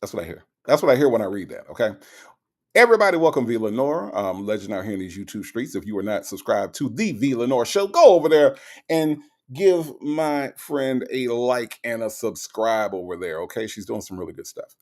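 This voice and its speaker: A man's voice: lowish voice, animated, fast talker. A man hosting a livestream in casual chat, reading out viewer comments and teasing them playfully. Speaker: livestream host.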